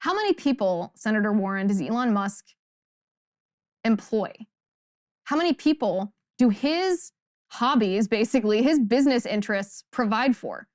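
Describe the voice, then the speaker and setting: A woman's voice: a little high, expressive, moderate pace, no echo, studio quality. A young adult woman hosting a political commentary monologue, talking emphatically and indignantly with pointed rhetorical questions. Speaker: host.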